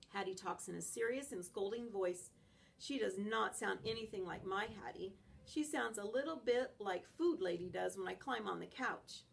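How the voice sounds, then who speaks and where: A woman reading a children's novel aloud in an expressive, animated first-person style. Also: mid-range voice, vocal fry. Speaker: audiobook reader.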